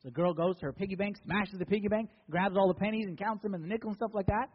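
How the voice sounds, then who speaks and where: A male pastor with a higher, husky voice preaching a sermon, swinging from loud bursts down to a near hush as he tells his story. The sound is dull and rings with a long church-hall echo. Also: rapid-fire.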